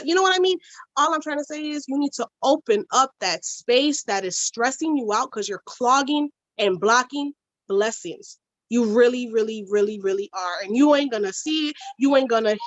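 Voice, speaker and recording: A woman co-hosting a casual chat, telling stories bluntly with slang and swearing. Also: sits high. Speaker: podcast co-host.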